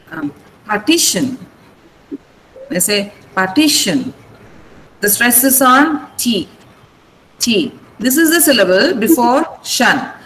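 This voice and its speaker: A woman's voice: high voice, a bit bright, roomy sound, slight background noise, low-quality recording. A woman with an Indian English accent, an English teacher who explains pronunciation patiently and has students repeat words. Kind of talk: online vocabulary class.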